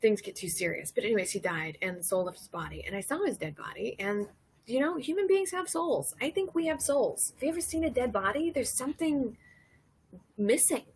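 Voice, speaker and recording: A woman from Louisiana hosting a casual comedic monologue, rambling and cursing and laughing her way through dark topics. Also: on the high side, lively intonation, brisk, slightly rough, poor audio. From Louisiana, USA. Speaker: host.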